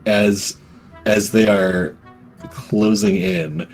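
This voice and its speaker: A man narrating as game master of a tabletop game, casual and halting, with many fillers. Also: on the low side, flat delivery, darkish tone, faint music behind.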